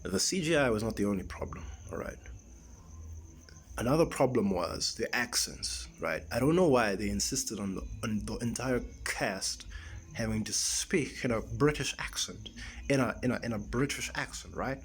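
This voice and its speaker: A man rants his way through a casual film review, circling back and restarting his sentences. His voice sits at an ordinary middle pitch, and a faint background hiss runs under the recording. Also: expressive, normal speed. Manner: exasperated, rambling with restarts and rhetorical "right?".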